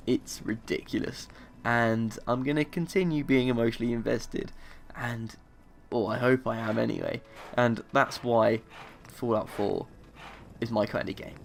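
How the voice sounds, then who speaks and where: A young man, telling a gaming story in an excitable, animated way. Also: mid-range voice, creaky, slight background noise. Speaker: gaming youtuber. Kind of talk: casual gaming vlog.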